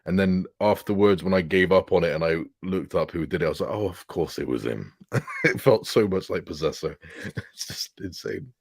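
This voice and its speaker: A man with a low, husky voice chats as a guest about films. He rambles, teases the host and laughs often, speeding up in bursts. The recording is dry and close. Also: no echo. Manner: rambling, teasing, quick bursts, frequent laughs. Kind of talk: casual chat about films.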